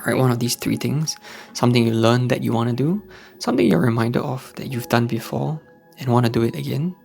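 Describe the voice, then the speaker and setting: A man from Singapore with a Singaporean English accent, hosting a casual motivational vlog from home late at night and talking softly in a hushed indoor voice. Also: mid-range voice, fairly quick, vocal fry. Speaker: host of a faith-based channel for men. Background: faint background music.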